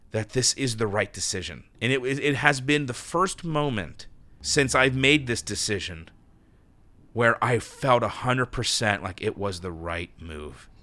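A man's voice: mid-range voice, sharp tone, no echo. A man in his thirties hosting a podcast from his apartment, talking alone in an emotional, nervous, rambling way with many restarts. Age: 30s. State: nervous and flustered. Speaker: podcast host. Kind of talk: solo thank-you monologue. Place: his New York apartment.

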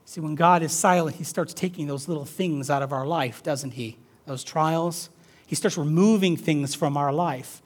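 A pastor, a man with a fairly high voice, preaches his sermon. He swings between loud, emphatic urging and quiet, hushed asides. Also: moderate pace.

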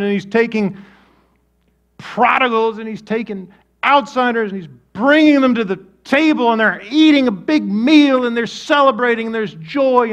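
A man preaching a sermon as pastor, conversational and animated, swinging between loud bursts and soft, low asides. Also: lo-fi sound.

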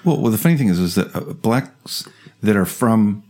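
A man's voice: lowish voice, lively intonation, normal speed, dark tone. A man from South Jersey chatting casually as a podcast co-host, rambling and laughing as he restarts his thoughts. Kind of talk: casual chat.

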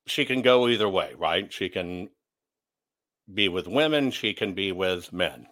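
A man's voice: low-pitched, animated, a little slow, fairly bright tone. A man hosting an opinionated commentary show, blunt and sarcastic as he rants. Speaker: commentary host.

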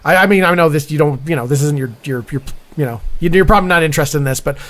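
A man's voice: fairly high pitch, racing, a bit bright, natural voice. A man in an improv comedy scene playing a call center review supervisor who rambles and hesitates with many fillers. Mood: deadpan. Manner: rambling, hesitant, full of 'uh'.

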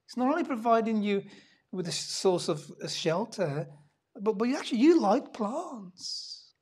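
A woman preaching a sermon in a dramatic, animated way, swinging between loud emphasis and hushed asides. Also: medium pitch, unhurried, breathy edge.

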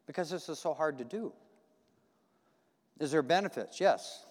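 A man's voice: a little high, lively intonation, moderate pace, darkish tone. A man preaching a conversational sermon in a church, folksy and repetitive, asking the congregation questions. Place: church sanctuary. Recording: long hall reverb.

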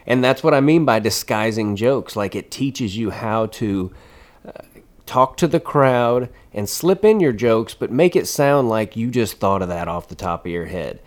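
A man's voice: lowish voice, animated, measured pace. A man, a stand-up comedian, telling loose stories in casual chat, laughing and swearing as he rambles. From United States. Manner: rambling, laughing, swears often, many restarts.

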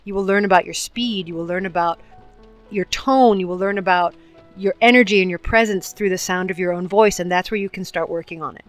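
A woman speaking coach giving advice in an interview, in a measured, deliberate way. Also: on the low side, soft background music.

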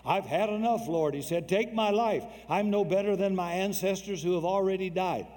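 A man's voice: high voice, moderate pace, a little mellow, voice pushed up, lightly acted. A man voicing a weary, despairing male prophet, pleading in a raised voice in a reverberant hall.

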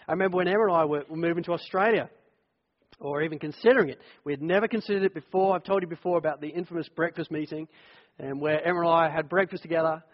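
A middle-aged man, a pastor, preaching a sermon in a conversational, animated way and telling personal stories. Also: on the high side. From United Kingdom. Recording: echoey hall, dull lo-fi sound.

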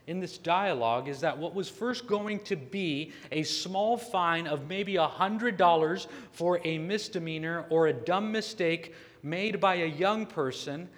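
A man preaching a sermon, telling a story earnestly with slow, emphatic stresses. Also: on the high side, fairly bright tone, big-room sound. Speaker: pastor.

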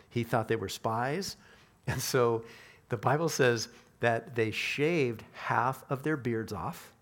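A man preaching a sermon as a pastor, conversational, with restarts and voiced prayers of his hearers. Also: mid-range voice.

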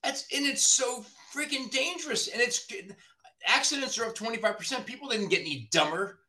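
Man, high pitch, bright edge, profane, animated rant, podcast guest. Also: a little fast. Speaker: body shop owner, podcast guest. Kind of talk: casual podcast chat.

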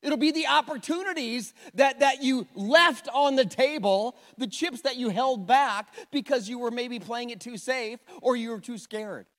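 A middle-aged man preaching a sermon, telling a personal story in an animated way, with sudden swings between loud and hushed. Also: high voice. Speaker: pastor. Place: large church hall. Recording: long hall reverb.

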